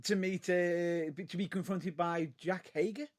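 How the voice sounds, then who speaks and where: A man co-hosting a podcast in casual chat, animated and prone to stumbling and restarting mid-sentence. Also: high voice, unhurried. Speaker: podcast co-host.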